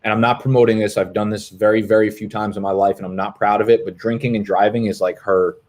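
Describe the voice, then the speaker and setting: A man's voice: fairly low pitch, little pitch movement, fast, a little mellow. A man in his twenties hosting a fantasy football live stream, chatting casually with viewers in a rambling, profane, jokey way. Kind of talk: casual live-stream chat reading comments. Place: apartment in Brooklyn.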